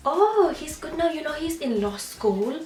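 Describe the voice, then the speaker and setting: A woman's voice: big pitch swings, unhurried, a little mellow, faint music behind. A young woman putting on a nosy, fussing middle-aged auntie. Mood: gossiping. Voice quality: high, fussing and exclaiming. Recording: roomy echo.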